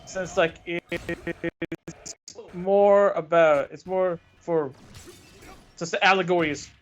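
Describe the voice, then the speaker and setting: A man's voice: high voice, steady tone, slow, lo-fi sound, soft background music. A man chatting casually on a game stream, hesitant and often restarting as he searches for words. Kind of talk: casual chat.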